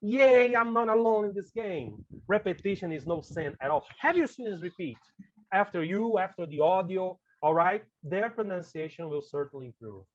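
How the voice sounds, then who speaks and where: A man's voice: high voice, lively intonation, moderate pace, darkish tone, muffled recording. A man with a Brazilian Portuguese accent, a native Portuguese speaker, gives a casual teacher-training talk to colleagues. He is chatty and keeps tagging his lines with "okay?" and "right?".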